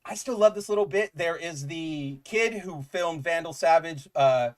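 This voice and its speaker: A man's voice: fairly high pitch, moderate pace. A man co-hosting a casual comics chat, enthusiastic and rambling, with lots of "like" fillers. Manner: enthusiastic, rambling, says "like" often. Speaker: podcast co-host.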